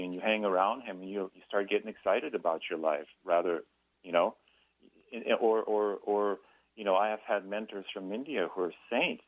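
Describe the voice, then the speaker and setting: Deep-voiced man, author guest on the radio. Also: no echo, lo-fi sound. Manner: earnest, reflective, with many restarts. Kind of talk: radio interview.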